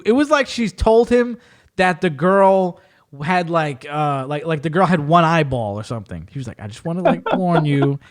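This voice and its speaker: A man. He tells stories animatedly, acting out what people said and laughing often. The talk is loose and full of fillers. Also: on the high side. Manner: animated storytelling, acts out quotes, laughs often. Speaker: podcast host. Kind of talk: casual chat.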